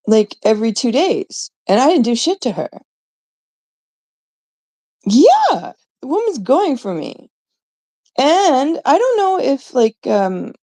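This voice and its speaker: A woman's voice: mid-range voice, gravelly, dark tone. A woman host ranting indignantly in a rambling, profane monologue about online drama. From Canada. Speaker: livestream host.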